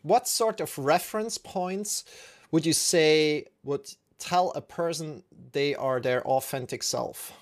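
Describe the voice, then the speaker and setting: A man with a slightly higher voice runs a casual interview, reading out questions from the audience and laughing easily between them. He comes across friendly and relaxed. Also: takes it slowly.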